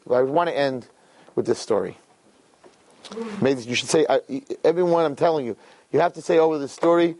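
A man's voice: mid-range voice, poor audio. A man teaching a weekly religious class, telling stories and speaking straight to his listeners with lots of repetition. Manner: animated, repeats words, addresses listeners directly. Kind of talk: weekly religious lecture with storytelling.

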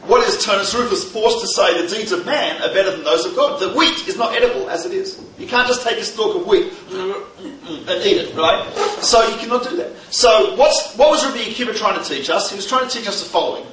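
Bright-voiced man teaching with humor. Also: sits high. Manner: humorous, animated storyteller. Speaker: religious teacher giving a lecture. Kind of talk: lively teaching lecture with stories and jokes. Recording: roomy, distant mic, faint background noise.

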